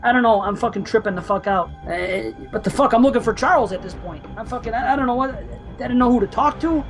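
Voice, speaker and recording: A man's voice: very high voice, fast talker, creaky, music in the background. A man co-hosting a horror movie podcast, rambling in a frantic, profane way. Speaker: podcast co-host. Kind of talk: casual horror podcast banter.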